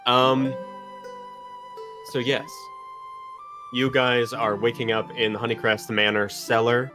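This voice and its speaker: A man's voice: medium pitch, little pitch movement, takes it slowly, music in the background. A man acting as dungeon master, chatting loosely and joking with his players as he sets the scene. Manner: laid-back, joking, fillers. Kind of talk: casual game narration and chat.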